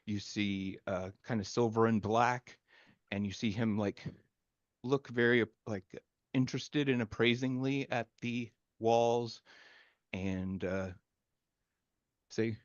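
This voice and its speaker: Low-voiced male game master, halting. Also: fairly even intonation, no room sound, dull audio. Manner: halting, filler-heavy narration. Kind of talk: narrating a tabletop game.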